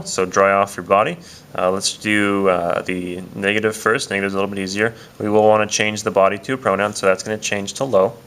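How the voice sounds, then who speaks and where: A man's voice: fairly low pitch, fairly bright tone, clear, resonant tone. A man teaching a casual video lesson, explaining step by step with frequent "uh" and "um" fillers. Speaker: Spanish teacher.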